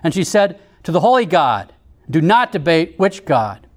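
Male narrator, high pitch, measured solemn read. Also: sing-song. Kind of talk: scripted narration reading visions.

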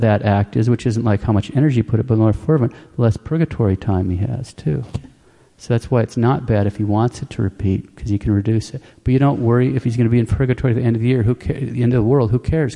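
A man giving a calm, plain-spoken religious teaching, repeating key points for emphasis. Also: mid-range voice, creaky, big-room sound. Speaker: Catholic preacher. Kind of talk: instructional religious talk.

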